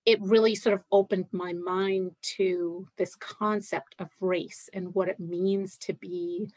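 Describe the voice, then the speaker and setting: A woman's voice: medium pitch, steady tone, takes it slowly, darkish tone, no echo. A middle-aged woman from Scotland who now sounds American, talking casually as an interview guest, hesitant with many fillers and restarts. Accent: American with Scottish roots. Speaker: guest, writer and massage therapist.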